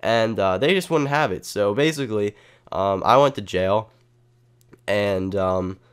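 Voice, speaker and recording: A man spins an improvised comedy story, rambling and profane, with plenty of ums and uhs. His voice sits a bit low and comes through smooth and clear. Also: a little slow. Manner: rambling, profane, full of fillers. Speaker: comedy vlogger.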